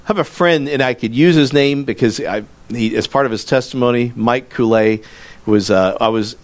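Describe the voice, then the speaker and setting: A male pastor delivers a storytelling sermon in an earnest, conversational manner. His sentences often stop and restart as he works through the story. His voice sits at an ordinary pitch for a man. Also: normal speed.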